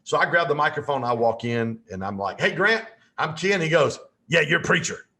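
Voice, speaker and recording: Folksy man, animated anecdote teller, average-pitched voice. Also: fairly quick. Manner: lively anecdotal storyteller, folksy asides. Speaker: podcast guest. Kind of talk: storytelling in a podcast interview.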